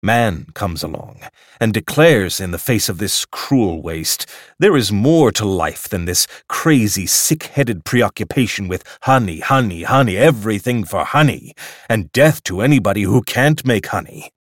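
A man's voice: lowish voice, lively intonation, unhurried, dry recording, clean studio sound. A man voicing a fervent idealist orator. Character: impassioned idealistic man preaching bee liberation. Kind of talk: audiobook character reading.

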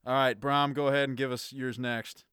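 A man hosting a casual podcast, upbeat and quick to laugh as he runs the segments into a studio mic. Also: medium pitch, flat delivery, fairly bright tone, clean tone, no room sound. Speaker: podcast host. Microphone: studio mic with pop filter.

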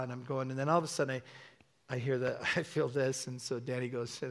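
A man's voice: medium pitch, brisk. A middle-aged male pastor preaching a sermon with stories, calling out to the congregation, with many fillers and restarts. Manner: animated, call-and-response, many fillers and restarts.

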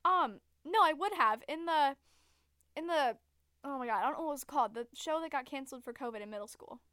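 Giggly high-voiced teen girl. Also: a little fast, sharp tone, no echo, clean studio sound. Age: teens. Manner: rambling, giggly, lots of "like". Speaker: podcast co-host. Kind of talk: casual chat.

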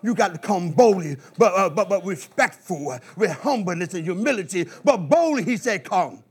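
A man preaching a sermon in an animated call-and-response style, with bursts of shouting. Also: high-pitched, moderate pace, slightly rough.

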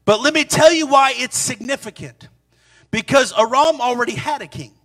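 A man preaching a sermon in an animated, sing-song way, with sudden loud peaks. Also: very high-pitched, moderate pace.

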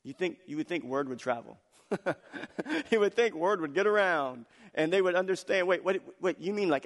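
A man preaching a sermon as pastor, telling family stories with laughter and swinging between loud, excited passages and soft, hushed ones. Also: fairly high pitch. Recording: long hall reverb.

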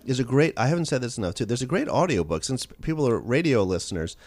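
A man being interviewed as an author on a call-in radio show, telling stories in a quick, animated way with frequent restarts. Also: mid-range voice, no echo. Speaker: author guest.

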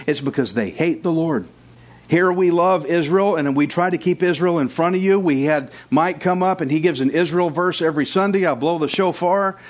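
A man preaching a sermon as pastor, conversational, with jokes and asides to the congregation. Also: fairly high pitch. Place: church.

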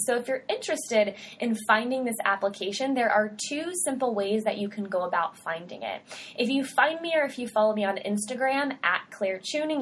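A young woman with a fairly high voice hosts her own podcast solo. She is a dietitian and talks in an upbeat, chatty way, full of casual slang.

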